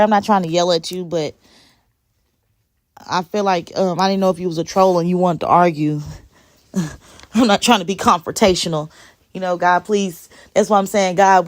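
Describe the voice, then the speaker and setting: A woman talking live to viewers on her phone, emphatic and repeating her phrases as she answers the chat. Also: on the low side. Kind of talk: casual live stream talk.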